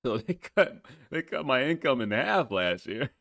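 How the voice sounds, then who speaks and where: A man's voice: mid-range voice, sing-song, unhurried, creaky, fairly bright tone, no room sound. Young guy ranting on his podcast, swears a lot, keeps cracking up laughing, dry close sound. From United States. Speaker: podcast host. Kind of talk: solo political commentary.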